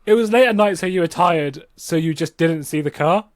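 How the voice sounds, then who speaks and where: A man's voice: a little high, normal speed, dry recording, clean studio sound. A man co-hosting a casual podcast, reading a story aloud and laughing with his co-host. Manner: jokey, laughs often.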